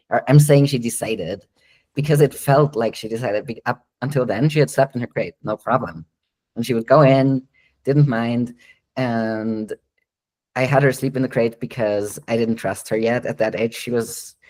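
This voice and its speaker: Chatty man with a medium-pitched voice. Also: darkish tone, rough recording. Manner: chatty and explanatory, with frequent ums and light laughs. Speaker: dog trainer hosting a live Q&A. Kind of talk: live online Q&A, casual explaining.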